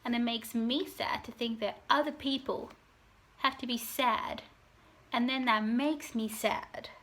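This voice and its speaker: Slow-talking young woman vlogger. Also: on the high side, fairly even intonation, a bit bright. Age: young adult. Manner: meandering, self-deprecating, wry. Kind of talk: casual confessional chat to camera.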